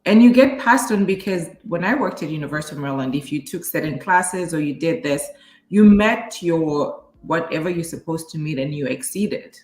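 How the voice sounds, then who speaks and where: A woman's voice: low-pitched, animated, moderate pace, darkish tone, echoey room. A woman co-hosting a casual talk show, speaking directly and sharing workplace stories. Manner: direct, matter-of-fact, shares workplace anecdotes. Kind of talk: casual chat.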